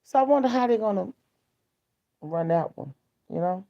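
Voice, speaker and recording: A woman's voice: mid-range voice, lively intonation, normal speed, warm tone. A middle-aged woman vlogging in a casual chat, telling stories bluntly and candidly in colloquial speech. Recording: dull lo-fi sound.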